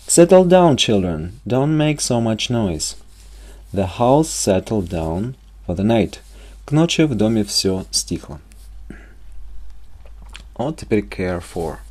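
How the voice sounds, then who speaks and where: Man teaching with a lively voice. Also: on the low side. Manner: reads example sentences slowly, explains quickly in Russian. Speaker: English teacher. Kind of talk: bilingual language lesson.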